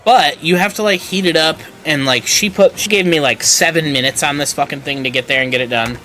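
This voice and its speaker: A man telling a story in casual chat, animated and swearing freely. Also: fairly high pitch, brisk, a little hiss or hum. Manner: animated, swearing, acts out voices.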